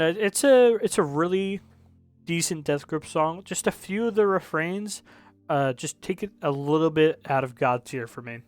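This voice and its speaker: A young man casually reviewing music, rambling and correcting himself, frank and a bit profane. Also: on the high side.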